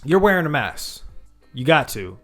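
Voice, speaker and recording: A man's voice: fairly high pitch, very animated, normal speed, a bit bright, faint music behind. A young man co-hosting a podcast, chatting in a rambling, laid-back way, full of "bro" and "dude.". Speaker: podcast co-host. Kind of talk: casual chat.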